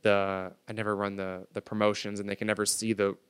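Young man, podcast guest, slangy storytelling, lowish voice, smooth clear tone. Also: a little fast. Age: 20s. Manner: animated, slangy, swings loud when reenacting anger.

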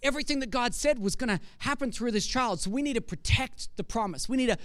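A man's voice: extremely high pitch, fast talker, a bit bright, dry recording, studio quality. A man preaching a sermon with conversational, jokey storytelling.

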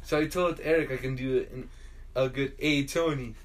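A young man in casual chat, telling rowdy stories with loud acted-out quotes and lots of swearing. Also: medium pitch, steady tone, brisk.

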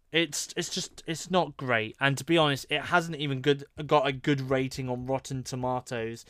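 A man's voice: on the high side, a bit bright, clear, resonant tone, no room sound, clean studio sound. A British man hosting a casual solo podcast, talking in a rambling, conversational way with many fillers as he sits at his computer. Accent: British English. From Britain. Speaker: podcast host. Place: at home at his computer with his dog.

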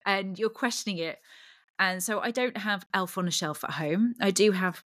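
A woman's voice: medium pitch, moderate pace, a bit bright, no echo, studio quality. A woman hosting a podcast, chatting casually, laughing often and filling her talk with "like". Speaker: podcast host. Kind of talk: casual chat.

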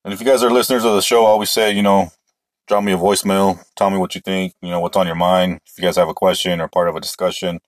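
Male sports podcast host, deep voice, opinionated rambler, dry close-mic sound. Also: little pitch movement, fast, no echo. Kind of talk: casual solo sports talk.

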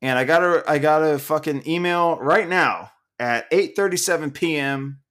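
Loud, profane man ranting on a podcast. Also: fairly high pitch, normal speed. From Oklahoma, USA. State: a little drunk. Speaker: podcast co-host. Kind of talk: casual podcast rant.

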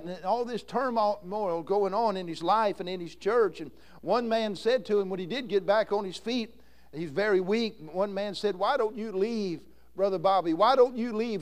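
A man preaching a sermon as an evangelist, telling stories and swinging from hushed, slow lines to loud, drawn-out shouts. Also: sits high.

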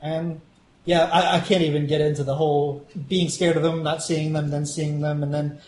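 A man's voice: on the high side, level tone, normal speed, a little mellow, echoey room. A man co-hosting a podcast, rambling in casual chat with many restarts. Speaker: podcast co-host.

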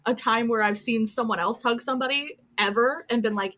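A young woman co-hosting a casual book chat, talking in a lively way, laughing often and acting out her own reactions. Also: fairly high pitch, brisk. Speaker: podcast co-host.

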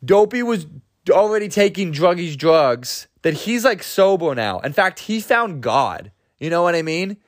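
A young man tells a long, rambling comic story and keeps filling the gaps with "like" and "you know." He sounds overtired, and his voice sits a little higher than most men's. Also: big pitch swings, measured pace. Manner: rambling, lots of fillers, giggly asides. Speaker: podcast host. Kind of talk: rambling comedy monologue.

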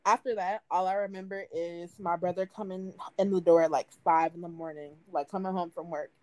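A woman in her twenties casually telling a party story, animated and laughing, acting out what people said in a higher voice. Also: a little fast, no echo. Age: 20s.

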